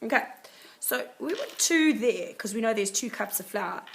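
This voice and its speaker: A woman teaching math with a croaky voice, explaining steps in a chatty way and often saying "okay.". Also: fairly high pitch, lively intonation, moderate pace, a little hiss or hum. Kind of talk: casual classroom explanation.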